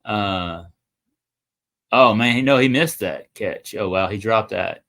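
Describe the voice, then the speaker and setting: A man's voice: on the low side, slow, a bit bright. Chatty man hosting a livestream. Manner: rambling, chatty, talks to viewers. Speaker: livestream host. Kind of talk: casual livestream chat.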